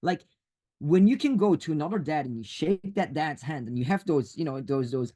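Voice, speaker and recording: A man's voice: on the high side, lively intonation, brisk, a little mellow. A man speaking as a guest on a video call, urging listeners insistently and repeating his warnings. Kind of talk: urgent motivational talk.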